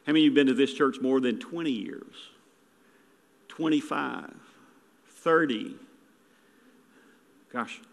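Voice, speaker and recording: A man's voice: mid-range voice, measured pace, vocal fry, pauses often, in a large hall. A man preaching a folksy, rambling sermon as a guest preacher, full of jokes and restarts. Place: church sanctuary.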